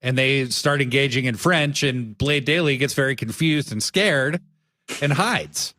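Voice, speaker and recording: A man's voice: medium pitch, a little slow, sharp tone, dry recording, clean studio sound. A man co-hosting a casual podcast, jokey and theatrical, often mock-offended. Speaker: co-host.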